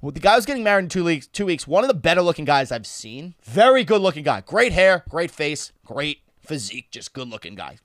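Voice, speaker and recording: Animated laughing man telling a story. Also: on the high side, fairly quick, hardly any pauses, no room sound, clean studio sound. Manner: animated, laughing, swears freely. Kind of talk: casual storytelling chat.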